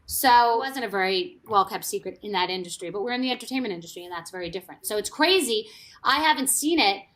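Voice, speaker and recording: Quick-paced and lively in intonation, a woman with a mid-range, fairly bright voice recounts gossip. She's a former reality TV cast member, and her telling is candid and meandering, with plenty of restarts and asides.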